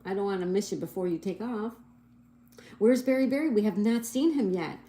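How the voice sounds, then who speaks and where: Brisk and dark-toned at a medium pitch, a middle-aged woman hosts a laid-back livestream. She reads viewers' comments aloud and spells out crossword answers letter by letter, staying cheerful and chatty, and she apologizes for her slip-ups.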